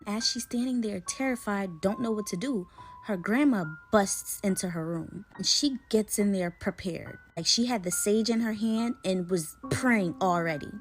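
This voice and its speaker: A young woman casually retelling a creepy story in a chatty, slangy way, with dramatic pauses. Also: medium pitch, faint music behind.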